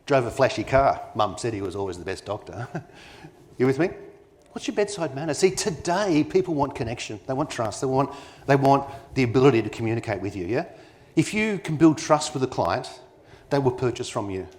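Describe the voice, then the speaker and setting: A man's voice: medium pitch, very animated, a little fast, darkish tone. A man gives a live conference talk as keynote speaker, delivering each point with emphasis and constantly checking in with his audience through rhetorical questions. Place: conference venue.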